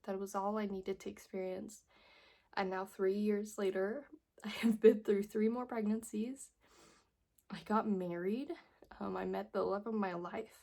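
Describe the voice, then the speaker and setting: Emotional young woman, husky and gravelly. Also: medium pitch, dark tone. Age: young adult. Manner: emotional, earnest, pleading. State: tearful. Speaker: vlogger. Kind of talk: personal story vlog.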